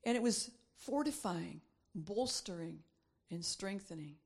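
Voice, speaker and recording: A woman's voice: mid-range voice, expressive, a little slow, gravelly, husky. A middle-aged woman preaching a sermon, reading scripture aloud and repeating phrases for emphasis.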